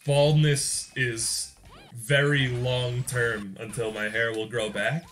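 A man's voice: medium pitch, steady tone, takes it slowly, fairly bright tone, a little hiss or hum. A young man hosting a gaming channel, giving casual gameplay commentary in a rambling, joking way and often laughing mid-sentence.

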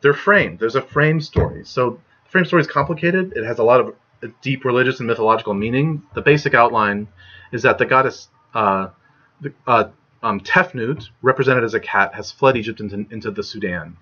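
In a muffled lo-fi recording, a young man with a mid-range voice speaks briskly, his tone pushed and bright. He gives a chatty, casual lecture from home, full of "right?", "like" and filler sounds.

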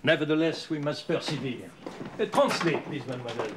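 An actor playing a fussy, excitable teacher, on a hissy old VHS recording. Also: male voice, on the high side, fairly quick, natural voice. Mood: exasperated. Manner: fussy, theatrical, scolding. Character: fussy male French teacher, stern yet excitable. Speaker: French teacher. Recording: loud hiss of an old VHS tape.

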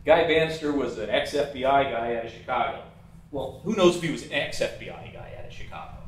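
A man's voice: medium pitch, lively intonation, fairly quick, a little hiss or hum. A man giving a casual, blunt, opinionated talk as a presenter over a slideshow. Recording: echoey room, mic at a distance.

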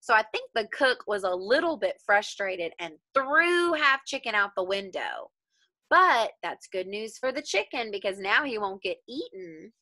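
Woman teacher, children's read-aloud, lively pitch, slow and bright, dry close sound. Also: dry recording. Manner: expressive, questioning the listeners.

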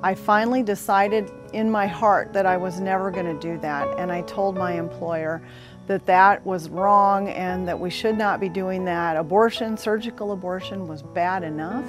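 A woman around sixty giving an earnest first-person account in an interview, acting out quoted dialogue and often pausing with fillers and restarts. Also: lowish voice, steady tone, over music. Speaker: interview guest. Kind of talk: personal testimony in conversation.

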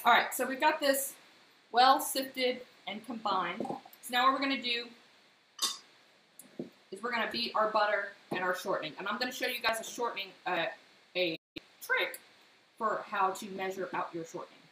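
Bright, chatty woman baking on stream. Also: on the high side, normal speed, pauses often. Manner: chatty, animated anecdotes between step-by-step instructions. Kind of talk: casual live-stream baking demo and storytelling. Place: home kitchen. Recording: echoey kitchen with faint noise.

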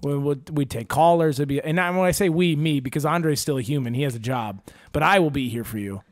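A man hosting a casual podcast, ranting and swearing freely as he tells animated stories. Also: fairly high pitch, brisk, dry recording, studio quality. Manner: profane, ranting, animated storytelling. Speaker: podcast host.

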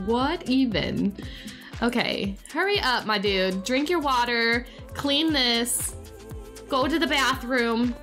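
A young woman with a high, expressive, fairly bright voice talks a little slowly over faint background music. As a gaming YouTuber doing casual let's-play commentary, she chats, exclaims, and speaks to her game characters.

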